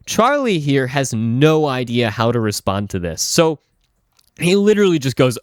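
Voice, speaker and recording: A man's voice: mid-range voice, big pitch swings, moderate pace, clear, resonant tone, no echo, clean studio sound. A man casually narrating a viewer's story in a chatty way, with lots of asides and fillers.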